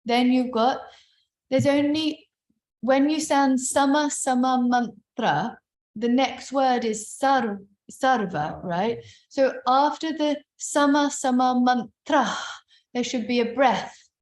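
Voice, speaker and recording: A woman's voice: high-pitched, takes it slowly, a little mellow, echoey room. A woman teaching Sanskrit chanting over a video call, explaining each phrase and then chanting or singing it. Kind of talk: online chant rehearsal teaching.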